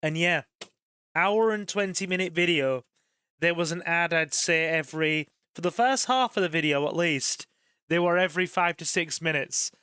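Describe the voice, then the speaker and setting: A man chatting casually to viewers while streaming a game, rambling warmly and bursting into excited cheers. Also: on the high side, normal speed, clean tone, no echo, studio quality. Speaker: gaming streamer. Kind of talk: casual live-stream chat over gameplay.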